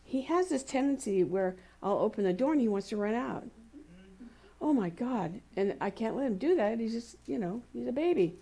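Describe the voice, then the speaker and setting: A woman's voice: fairly high pitch, lively intonation, moderate pace, creaky, husky. Woman giving a chatty, anecdotal sermon. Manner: warm anecdotal storytelling with laughs and playful quoted voices. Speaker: speaker at a spiritual community service. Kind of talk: conversational sermon. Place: community center hall.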